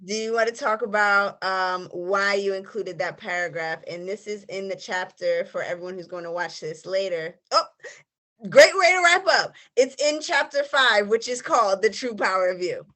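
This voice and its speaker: A woman's voice: mid-range voice, normal speed, few pauses, bright, forceful tone. A woman hosting an author interview, chatty and friendly, reading passages aloud over a video call. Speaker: interviewer host.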